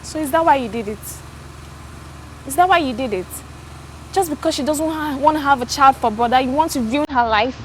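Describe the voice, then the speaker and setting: A woman's voice: high voice, brisk, a bit bright, a little hiss or hum, low-quality recording. An actress with a Nigerian accent playing a young student who pleads for help for her brother, talking earnestly. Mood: pleading. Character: young woman student, worried sister. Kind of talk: film drama acting.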